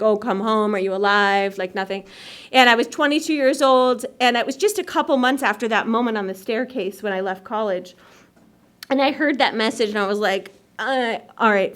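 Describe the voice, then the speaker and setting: A woman with a fairly high voice tells her recovery story to a meeting. She talks in a chatty, self-mocking way and laughs at herself often. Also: fairly bright tone. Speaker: AA meeting speaker. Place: meeting hall.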